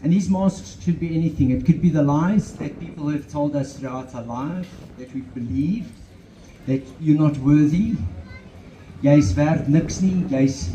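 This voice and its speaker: At an outdoor event, a South African man delivers an earnest motivational speech via handheld microphone, weaving in Afrikaans phrases. His voice sits a little high with a dark tone; the poor audio is reverberant, with slight background noise.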